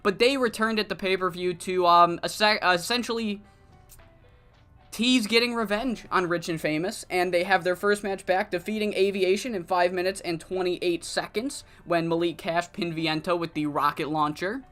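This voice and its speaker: A woman's voice: on the low side, normal speed, fairly bright tone, soft background music. A woman streamer casually narrating a wrestling management game. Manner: casual, swearing, chatty.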